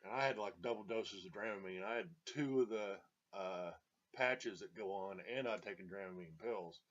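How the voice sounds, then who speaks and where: A man with a low voice tells an old story in a casual, rambling way, full of fillers and little chuckles. The recording sounds dull and lo-fi. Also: normal speed, a bit bright. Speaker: storyteller reminiscing.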